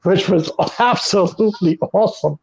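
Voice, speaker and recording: High-voiced excitable man, lo-fi sound. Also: normal speed, gravelly. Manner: excitable, gushing, acts out quotes. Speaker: podcast host. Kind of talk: casual podcast chat.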